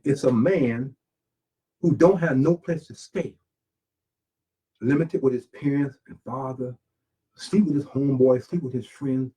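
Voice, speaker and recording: A man's voice: mid-range voice, measured pace, long pauses, warm tone, slightly rough, poor audio. A man talking casually about his books and life in a rambling, plain-spoken monologue with preachy asides. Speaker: self-published author and channel host.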